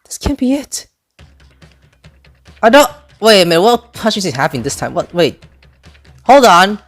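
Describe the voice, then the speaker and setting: A woman giving let's play reaction commentary, excitable, with loud outbursts and swearing. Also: mid-range voice, normal speed, soft background music. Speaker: gaming YouTuber.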